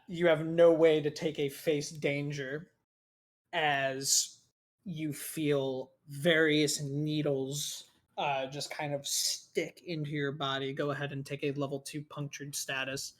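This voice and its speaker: A man running a tabletop game as game master, narrating slowly. He swears often and gets excited as the scene unfolds. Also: on the high side. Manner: profane, excitable, laughing.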